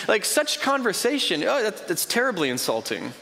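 This pastor's voice is high and bright, swooping wildly in pitch, with vocal fry and a forceful edge. He keeps a moderate pace with few pauses, preaching in a conversational style that stacks short repeated phrases and acts out imagined exchanges, all echoing through a big hall's long reverb.

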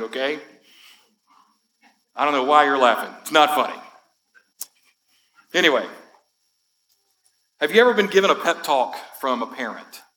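A man's voice: on the high side, sharp tone, poor audio. A man giving a conversational sermon as a pastor, building to emphatic lines. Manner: conversational, quotes movie speeches with rising emphasis. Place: church sanctuary.

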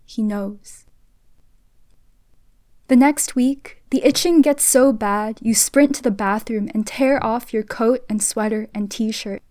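Woman, story reading, soft and hushed, half-whispered, fairly high, warm mellow tone. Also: no echo. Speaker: reader of a short story. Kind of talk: literary reading in second person.

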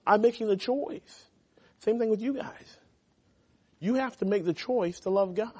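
A youth pastor preaches to teenagers in a church classroom. His voice sits a little high for a man, and he talks in an animated, chatty way. He keeps swinging from loud emphasis to quiet asides. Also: measured pace, husky. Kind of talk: youth group sermon.

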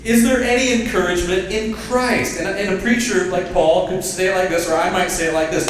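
A high-voiced man speaks fairly quickly as a pastor preaching a sermon in a church sanctuary, pulling the congregation into call-and-response. The distant mic picks up a very echoey church hall.

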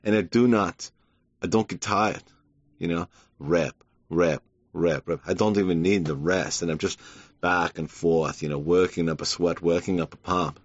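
A man's voice: low voice, fairly even intonation, moderate pace, dry recording, pitched below the performer's own voice. A man doing an impression of a tireless, boastful bodybuilder who humble-brags and repeats himself. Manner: repetitive, boastful, humble-bragging. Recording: dull lo-fi.

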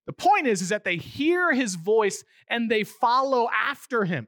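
Male pastor, conversational sermon, high bright voice, animated, acts out voices, dry close sound. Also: unhurried, dry recording.

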